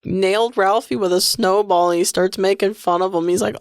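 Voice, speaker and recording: A woman chatting on a podcast, reminiscing and swearing freely as she riffs about a movie. Her voice is at a middle pitch for a woman, close-miked and dry. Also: steady tone, brisk, dry recording. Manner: profane, chatty, nostalgic. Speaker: podcast co-host. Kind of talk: casual movie-review chat.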